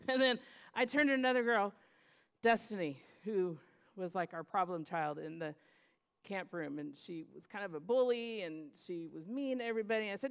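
A middle-aged woman pastor telling a lively story in a sermon, acting out children's voices and laughing often. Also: medium pitch, brisk, clear, resonant tone.

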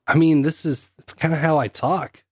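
A man with a North Carolina accent co-hosting a stream, relaxed and laughing as he curses. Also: on the high side, moderate pace, breathy edge, no room sound, studio quality. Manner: laid-back, laughing, cursing. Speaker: co-host. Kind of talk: casual chat on a live stream.

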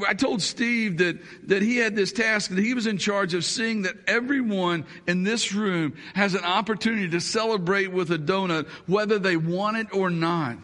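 Stern measured professor played by a preacher, higher male voice, long hall reverb. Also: a bit bright. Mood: firm.

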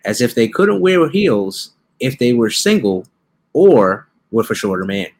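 A man's voice: medium pitch, big pitch swings, measured pace. A man hosting a podcast in casual chat, telling meandering, jokey stories. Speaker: podcast host.

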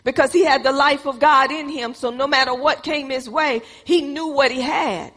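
Woman preacher, high and bright, emphatic repetitive delivery, long hall reverb. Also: fairly even intonation, moderate pace. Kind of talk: sermon.

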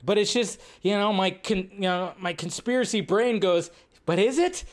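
A man's voice: high-pitched, normal speed. A man hosting a live movie news stream, joking, reacting to chat and riffing casually.

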